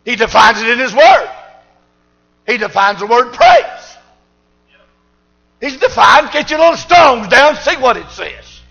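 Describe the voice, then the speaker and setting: An older man, preaching a fiery sermon in a church and shouting and whooping with exuberance. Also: very high voice, very animated, unhurried, creaky, long pauses, muffled recording. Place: church service.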